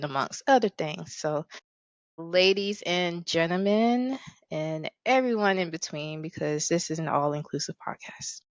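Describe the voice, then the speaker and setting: A woman hosting a podcast in casual chat, playful and bubbly, with sudden high-pitched emphasis. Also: dry recording, lo-fi sound. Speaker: podcast host.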